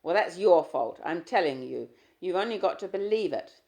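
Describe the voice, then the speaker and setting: A woman reading the lines of an irritable young husband in an audiobook, with loud, clipped, defensive retorts. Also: low-pitched, expressive, unhurried, creaky, heavily acted. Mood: curt. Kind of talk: audiobook character dialogue.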